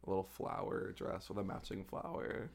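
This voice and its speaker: Young guy on a podcast, kinda gravelly and low, rambles a lot and keeps saying like. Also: little pitch movement, moderate pace. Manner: rambling, filler-heavy, hesitant. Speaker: podcast co-host. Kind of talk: casual chat.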